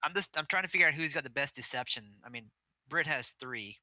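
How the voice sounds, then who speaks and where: Bright-voiced man playing a tabletop game. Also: medium pitch, expressive, fairly quick, dry recording. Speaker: player. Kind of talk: casual tabletop role-play.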